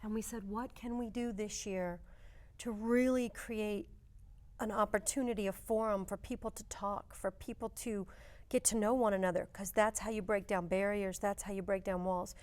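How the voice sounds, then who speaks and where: A woman from a museum, a guest on a TV talk show, answering in measured, list-like phrases. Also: mid-range voice, fairly even intonation, darkish tone. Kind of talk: interview answers.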